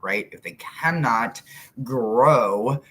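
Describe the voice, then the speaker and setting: A woman hosting a casual live chat as a spiritual reader, talking straight to her viewers in a blunt, animated way that swears freely and swings from loud to soft. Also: rumbling low, normal speed, a little hiss or hum.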